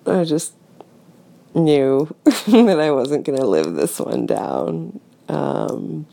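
A young woman with a very deep, creaky voice tells a story to a coworker in casual spoken role-play. She sounds hesitant, with many ums and soft laughs.

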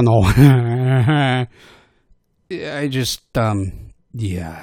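This man's lowish, slightly mellow voice wanders through a casual monologue about voicing audio posts, full of self-put-downs, hesitation, restarts and fillers. He shifts into quick character impressions when quoting people, recorded dry with clean studio sound.

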